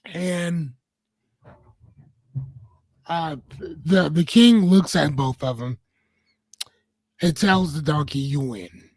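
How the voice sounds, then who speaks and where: A man in his forties chats on a podcast, his voice sitting a little high for a man. He tells a story in a relaxed, rambling way, pausing to find his words. The sound is dry and close, with no room around it. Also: dry recording. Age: 40s. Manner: relaxed storyteller, paraphrasing a fable with hesitations. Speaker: podcast co-host. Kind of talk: casual chat.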